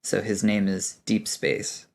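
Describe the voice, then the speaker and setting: A man's voice: lowish voice, flat delivery, takes it slowly, vocal fry. Young male game master, loose and chatty narration. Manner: rambling, with many fillers.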